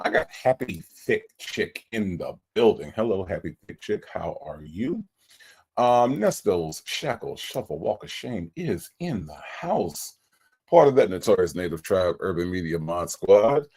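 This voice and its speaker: Male livestream host, low voice, lively sing-song delivery, reads chat and greets viewers. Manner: greets viewers one by one and reads their chat comments aloud. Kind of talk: casual livestream chat reading.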